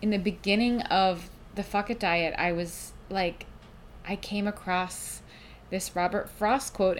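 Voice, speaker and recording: A young woman hosting a casual solo podcast, tired and rambling in a frank, scattered way. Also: mid-range voice. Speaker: podcast host.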